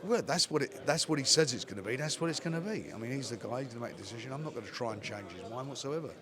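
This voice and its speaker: A man's voice: medium pitch, lively intonation, very fast. An older man, a boxing promoter giving a plainspoken post-fight interview and repeating phrases for emphasis. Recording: crowd chatter behind the voice.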